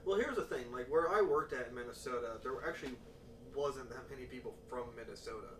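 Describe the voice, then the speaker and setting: A man's voice: medium pitch, fast. A man telling stories in casual podcast chat, swearing freely and acting out what people said. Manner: profane, animated storyteller acting out quotes. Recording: roomy, distant mic with faint noise.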